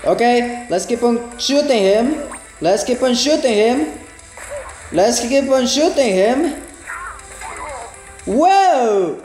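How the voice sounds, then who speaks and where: Excitable high-voiced man playing a game. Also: takes it slowly, pauses often, reverberant, soft background music. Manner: excitable, exclaims and laughs often. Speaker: gaming channel host. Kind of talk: let's play commentary.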